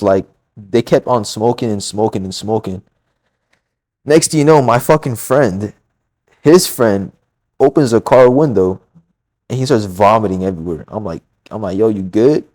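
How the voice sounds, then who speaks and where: A man's voice: fairly low pitch, a little mellow. A man casually retelling a personal story, rambling and profane, acting out quoted dialogue.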